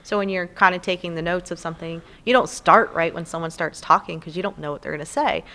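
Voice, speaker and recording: A woman in her thirties with a Southern US accent, a community theatre actor, appears as a podcast guest and tells long, rambling, animated stories. Her voice is fairly low and quick.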